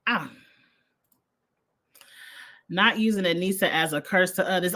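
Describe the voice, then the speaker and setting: A woman, reviewing a reality show in a blunt, animated casual livestream chat with frequent laughter. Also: lowish voice, unhurried, pauses often. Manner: blunt, animated, laughs often, uses slang.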